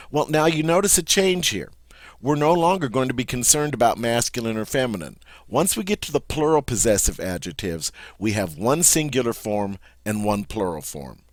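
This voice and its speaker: A man teaching French grammar in a patient way, often repeating words slowly and checking in with "all right?". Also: medium pitch, no echo. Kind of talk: classroom grammar lesson.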